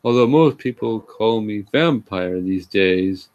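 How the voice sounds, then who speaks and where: Brief: shy moping goth vampire boy, teenage, slow and soft, read by a man. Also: fairly low pitch, expressive, dull audio. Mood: mopey.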